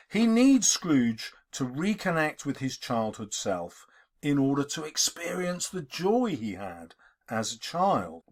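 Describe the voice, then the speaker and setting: A man teaches a literature lesson with emphatic, expressive delivery. His pitch swings widely, climbing on key points and dropping low at the ends of sentences. The voice sits at a middle pitch for a man. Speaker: English teacher.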